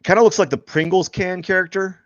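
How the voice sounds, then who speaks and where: A man with a high-pitched, steady voice talks a little fast while drawing on a live stream, rambling casually and cracking self-deprecating jokes. The lo-fi recording has no echo.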